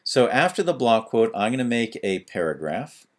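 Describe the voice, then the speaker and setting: A man's voice: medium pitch, very animated, normal speed. A man teaching a screencast lesson on web pages, talking through each step as he types, with fillers. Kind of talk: screencast tutorial.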